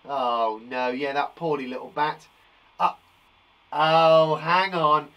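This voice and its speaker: A man in his thirties with an English accent, teaching young children in a playful, animated way, asking them questions as he goes. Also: a little high, slow pace, rough recording. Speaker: primary school teacher. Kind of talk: children's lesson video. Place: garden shed classroom.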